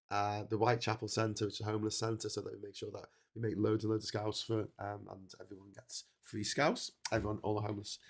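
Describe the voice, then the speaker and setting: A rambling Scouse man from England hosts a casual livestream chat while suffering from a cold. His voice is on the low side and a little mellow, and his talk is full of fillers and restarts.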